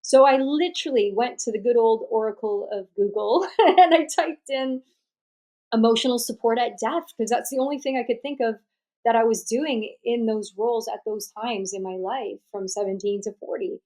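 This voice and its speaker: A woman tells a personal story as a podcast guest. Her voice sits a little higher than most women's, and her delivery is animated and chatty, broken up by frequent laughs. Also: moderate pace. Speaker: podcast guest, death doula. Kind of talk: storytelling in an interview.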